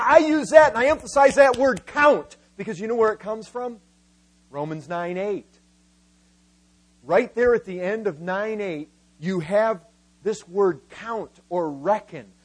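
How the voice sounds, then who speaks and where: Male preacher, high voice, emphatic sermon delivery that slows for stress. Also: husky, low-quality recording. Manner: emphatic, voices biblical figures in quotes, slows for key words.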